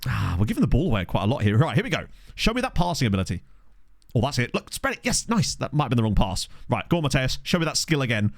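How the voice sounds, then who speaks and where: Lively, chatty male game streamer. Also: medium pitch, fast, gravelly, dry recording, clean studio sound. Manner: chatty, reads chat aloud, excitable reactions to match play. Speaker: streamer playing a football management game. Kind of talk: casual live-stream chat with commentary. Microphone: desk microphone.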